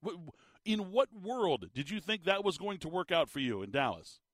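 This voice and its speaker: A man hosting a sports radio show, ranting in an animated, incredulous way with a tired, slightly squeaky voice. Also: moderate pace, no room sound, clean studio sound. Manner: animated, incredulous rants with laughs. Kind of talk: sports talk radio monologue.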